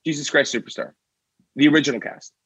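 Husky-voiced enthusiastic male actor, lo-fi sound. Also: a little high, steady tone, fast, a bit bright, no echo. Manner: enthusiastic, rambling with fillers. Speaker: actor and guest. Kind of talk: casual interview.

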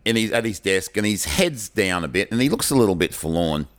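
A man's voice: lowish voice, fairly quick. A middle-aged Australian man, a teacher and podcast co-host, animatedly telling classroom stories in a casual chat. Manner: animated storyteller who acts out the people in his anecdotes.

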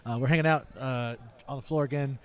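A man's voice: mid-range voice, steady tone, a little fast, smooth. A man co-hosting a podcast, chatting playfully and laughing often while at a fan convention. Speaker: podcast co-host. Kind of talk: casual chat at a fan convention.

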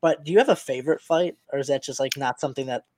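A man's voice: mid-range voice, very fast, darkish tone, dry recording. A man co-hosting a casual interview, asking questions in a chatty, friendly way. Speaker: podcast co-host.

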